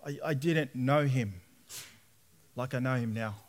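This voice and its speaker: Speaking at an unhurried pace in a mid-range voice, a young Australian man gives a sermon testimony. He's a lively storyteller who relates his personal story and acts out each voice he quotes.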